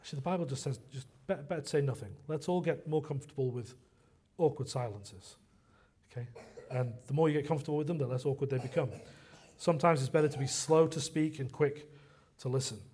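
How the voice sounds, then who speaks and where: A man's voice: mid-range voice, fast talker, a little mellow, slightly rough. A man preaching a sermon in a conversational way, often repeating phrases for emphasis.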